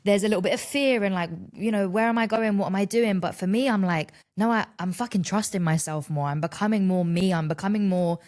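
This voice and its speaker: A woman's voice: medium pitch, brisk, few pauses, a little mellow. A woman in her thirties hosting a solo podcast, talking candidly and expressively, with plenty of swearing as she tells her story. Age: 30s. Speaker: podcast host. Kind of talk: casual solo podcast monologue.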